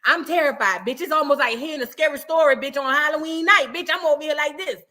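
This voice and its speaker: A female vlogger tells a story in a casual, animated, profane and dramatic style, lurching between shouting and hushed tones. She talks quickly in a high-pitched voice.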